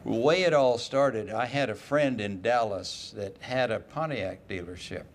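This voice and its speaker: An older man as an interview guest, telling folksy stories and acting out quoted lines in lively voices. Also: medium pitch, measured pace, a little hiss or hum. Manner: folksy anecdotes, quoting others in lively voices. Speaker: interview guest, retired racing driver. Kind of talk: casual storytelling interview.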